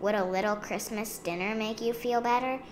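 A woman's voice: a little high, fairly even intonation, normal speed, reverberant, a little hiss or hum, voice pushed up, close to an everyday voice. A woman voicing a big, patient father polar bear in a picture book, mild and a little weary.

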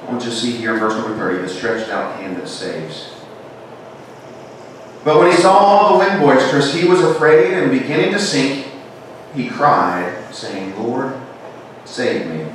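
A man's voice: medium pitch, unhurried, recorded from a distance, noisy background. Preaching man in an echoey church. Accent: Southern American. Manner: rises to emphatic preaching then drops to hushed tones. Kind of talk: sermon. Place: church sanctuary.

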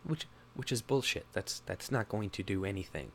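A man with a somewhat low voice rambles through casual commentary, laughing often. He mocks others by jumping up into a higher-pitched imitation of them. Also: animated, moderate pace, creaky, fairly bright tone, a little hiss or hum. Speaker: political commentary vlogger.

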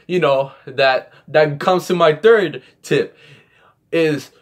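Rambling young man, fairly high voice. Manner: rambling, animated storytelling. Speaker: YouTuber giving comedy tips. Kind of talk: casual vlog talk.

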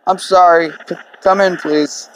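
Tearful elderly widow, apologetic and motherly, slow delivery with a slightly raised pitch, a man voicing her. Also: fairly even intonation, fairly bright tone, low-quality recording. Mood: pleading. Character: grieving elderly widow facing eviction. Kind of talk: reading game dialogue aloud.

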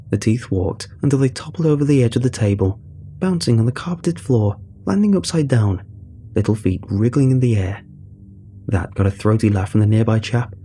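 A man narrating a scripted horror story in a measured, wry way. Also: medium pitch, warm tone, a little hiss or hum.

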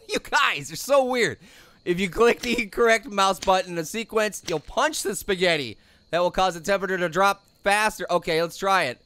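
A man voicing a hyper, wisecracking male cartoon fruit who excitedly comments on a video game, repeating himself and yelping at scares. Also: normal speed, a little hiss or hum. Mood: puzzled. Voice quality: high, gravelly voice. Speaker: let's play commentator. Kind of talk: let's play commentary.

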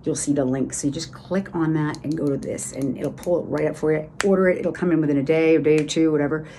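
A woman's voice: low voice, fairly even intonation, quick pace, dark tone, slight background noise. A middle-aged woman with a Boston accent, chatting enthusiastically through a casual makeup tutorial with lots of fillers. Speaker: beauty vlogger.

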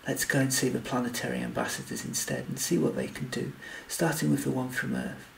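A man voicing a tall male alien, usually calm, speaking earnestly and insistently. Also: mid-range voice, brisk, gravelly, distant mic, a little hiss or hum.

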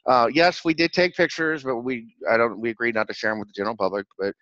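A man hosting his own channel, telling a rambling, excitable story in a casual vlog recap, laughing often and repeating words as he goes. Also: medium pitch, quick pace, dry recording. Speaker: channel host. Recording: dull lo-fi dry recording.

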